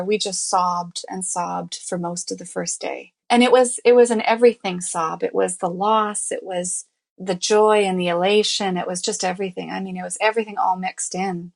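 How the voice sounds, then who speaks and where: A woman's voice: medium pitch, fairly even intonation, moderate pace, vocal fry. A woman guest on an interview show, telling her own life story candidly and earnestly, full of "you know" and "I mean" fillers. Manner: emotional, reliving events as she tells them. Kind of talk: personal storytelling in a conversational interview.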